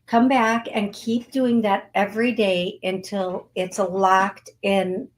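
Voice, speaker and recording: Brief: middle-aged woman, live psychic host, unhurried delivery, coaxing and repetitive, gets emotional. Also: mid-range voice, level tone. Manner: warm coaxing, emotional, repeats phrases. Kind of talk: live call-in reading and guided healing.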